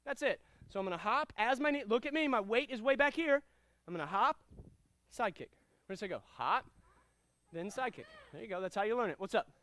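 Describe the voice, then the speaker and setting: A man teaching a karate class, giving energetic commands and calling out drills and counts. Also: high-pitched, fairly quick. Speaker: karate instructor. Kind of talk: martial arts class instruction.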